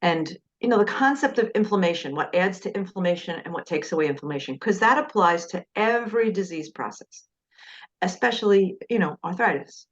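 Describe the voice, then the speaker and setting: A woman's voice: on the low side, animated, fairly quick. A middle-aged woman teaching a class through rambling personal stories, with frequent restarts. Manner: rambling storyteller, frequent restarts, acts out quoted voices. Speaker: class instructor. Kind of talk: anecdotal teaching talk. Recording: dull lo-fi recording.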